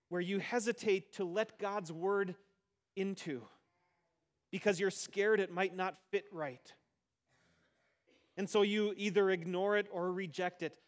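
A pastor preaching a sermon, speaking emphatically and slowing down to stress key phrases, sometimes soft and sometimes loud. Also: male voice, high voice.

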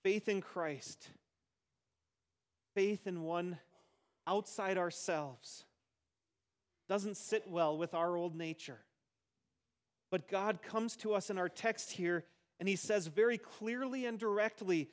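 High-voiced man preaching a sermon. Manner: emphatic, swings between soft and loud; slows down on key phrases. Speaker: pastor.

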